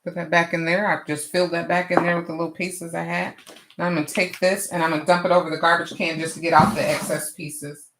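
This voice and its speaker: Talking fast and flat in a fairly low voice, a woman hosts a live crafting stream over background noise. Casual with viewers, she laughs frequently at herself, responds to the chat, and says "y'all" like a Southerner.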